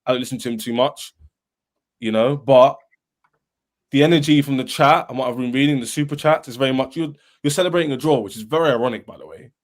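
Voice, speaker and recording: Man, football podcast debate, emphatic, quick delivery, middle pitch. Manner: animated, emphatic, repeats himself. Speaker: Chelsea fan panelist.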